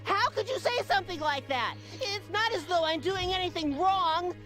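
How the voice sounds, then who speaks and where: A woman's voice: very high-pitched, lively intonation, moderate pace, a bit bright, faint music behind. A woman voicing a whiny, bratty young boy in a video game.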